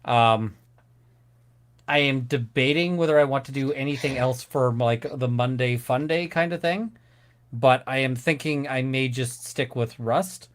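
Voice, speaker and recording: A man's voice: mid-range voice, a little slow. A man co-hosting a casual live-stream chat, ranting and swearing a lot. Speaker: co-host.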